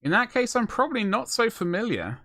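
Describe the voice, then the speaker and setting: A man's voice: high-pitched, big pitch swings, a little fast, pushed and bright, no room sound, clean studio sound. Jokey rambling male streamer. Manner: rambling, jokey, self-mocking asides. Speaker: streamer painting miniatures. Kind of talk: casual live-stream chat.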